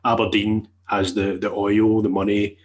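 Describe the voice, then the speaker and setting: A Scottish man with a husky, slightly low voice co-hosts a podcast. He talks in a halting way, restarting his questions as he goes. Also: level tone. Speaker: podcast co-host. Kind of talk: casual chat.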